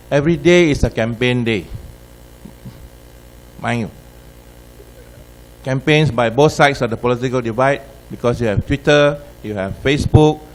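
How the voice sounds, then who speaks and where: A man's voice: medium pitch, a little hiss or hum, rough recording. A man with a Malaysian English accent, a newspaper editor, speaking reflectively on a discussion panel.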